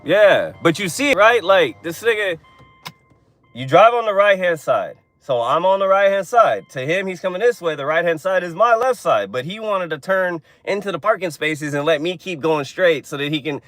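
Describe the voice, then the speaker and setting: A man's voice: high-pitched, expressive, moderate pace, a bit bright, no room sound. A young man streaming live while driving deliveries, ranting in a casual, heavily profane, irritated way. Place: inside a car on city streets.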